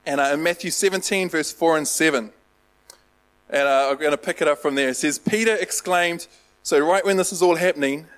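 A man's voice: on the high side, a little fast, a bit bright, rough recording. Rambling, self-deprecating male preacher. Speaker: pastor. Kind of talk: casual sermon with humor.

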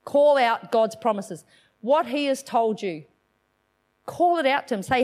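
A woman preaching a sermon, telling a personal testimony in a lively storytelling manner and acting out the voices of others. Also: on the high side, unhurried, pauses often. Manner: animated storytelling, acts out quoted voices.

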